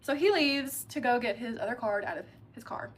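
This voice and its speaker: A young adult woman telling a dating story in a casual, animated way, with lots of "like" fillers. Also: on the high side, a little fast, a little hiss or hum. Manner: chatty, animated, heavy use of filler "like".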